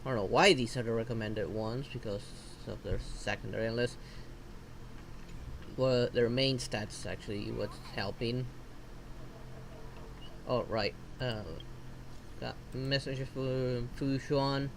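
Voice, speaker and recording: A woman's voice: extremely low pitch, fairly even intonation, slow, gravelly, pauses often, a little hiss or hum. A woman from Argentina, streaming a gacha game and ranting in frustration with lots of swearing.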